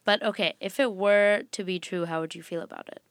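A woman's voice: mid-range voice, steady tone, brisk, smooth, no room sound, clean studio sound. A young woman co-hosting a podcast in casual chat, talking freely and laughing often. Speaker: podcast co-host.

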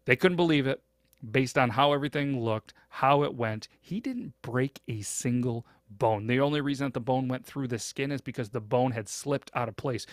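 A man's voice: mid-range voice, no room sound, clean studio sound. A young man hosting a podcast, retelling a story in a casual, rambling way full of fillers and hesitations. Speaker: podcast host.

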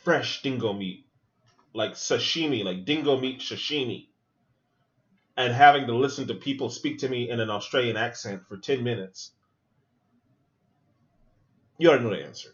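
A man's voice: medium pitch, moderate pace, long pauses, muffled recording. A man hosting a podcast, giving loose, joking, profane running commentary while he watches a film. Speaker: podcast host. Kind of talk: casual movie watch-along commentary.

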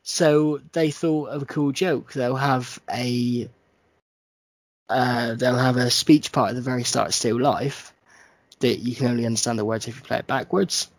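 A podcast co-host with a mid-range voice at normal speed, on a dry recording, chats casually and a bit sleepily. He's animated and swears a lot, slipping into silly voices to mock people.

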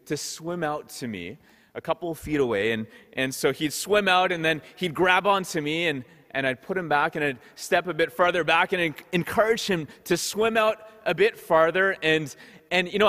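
A man's voice: a little high, normal speed, sharp tone. A man, a parish pastor, giving a conversational Sunday sermon full of stories, often repeating words as he goes. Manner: storytelling, repeats words as he talks. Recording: long hall reverb.

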